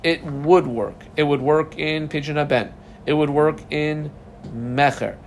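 A man giving a casual, lively Talmud lesson, mixing Hebrew terms into conversational English. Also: fairly high pitch, measured pace, slight background noise. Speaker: Talmud teacher.

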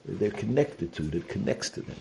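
A man's voice: deep voice, expressive, fairly quick, gravelly, background noise. A man giving a Torah talk, telling stories and sprinkling in Yiddish and Hebrew terms. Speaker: Torah teacher.

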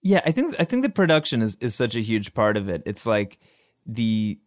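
A man's voice: lowish voice, wildly swooping pitch, normal speed, no room sound, studio quality. A man, a musician guest, talking shop casually and thoughtfully, often restarting his sentences.

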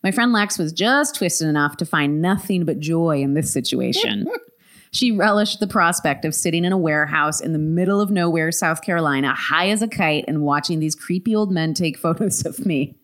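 A woman podcast host reading a listener's story aloud, animated, laughing often with quick asides. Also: low-pitched.

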